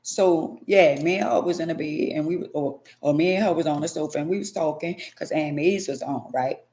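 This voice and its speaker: A woman's voice: low voice, fairly quick. Slangy woman doing a comedy monologue. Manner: animated, slangy, shifts loud and quiet. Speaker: comedic vlogger. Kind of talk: comedic monologue acting out both partners.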